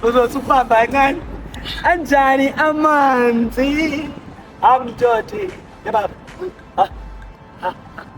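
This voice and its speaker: A South African man with a strikingly high voice runs a street challenge, teasing and cheering on the people taking part. He is recorded outdoors on a city street with music playing loudly behind him. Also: unhurried, long pauses. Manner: playful, teasing, hypes up contestants. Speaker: host of a street challenge show. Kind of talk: casual street challenge hosting.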